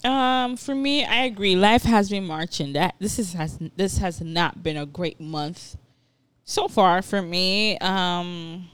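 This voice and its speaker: A woman's voice: on the low side, slow pace, clear, resonant tone, dry recording. A woman co-hosting a podcast in casual, playful chat, often laughing. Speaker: podcast co-host.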